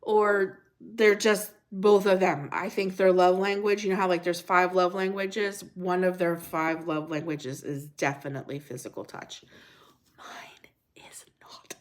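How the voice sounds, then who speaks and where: A woman's voice: lowish voice, flat delivery, a little slow, few pauses. A middle-aged woman hosting a casual livestream, chatting and laughing as she reacts to viewer comments.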